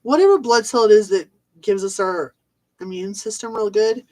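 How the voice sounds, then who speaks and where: A woman's voice: mid-range voice, moderate pace, a little mellow, rough recording. A woman vlogging a rambling, exasperated rant, swearing and trailing off with fillers. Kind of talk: ranting casual monologue.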